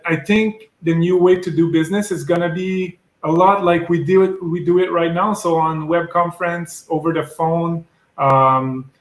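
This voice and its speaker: French accent guy being interviewed, kinda high voice, thinks out loud, roomy echo. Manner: thinks aloud, halting and easygoing. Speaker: guest, sales rep. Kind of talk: casual interview chat.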